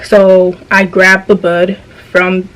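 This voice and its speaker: A woman's voice: on the low side, completely flat delivery, slow, rough recording. A young woman vlogger telling a dream story in a casual, slangy, profane way, often restarting her sentences.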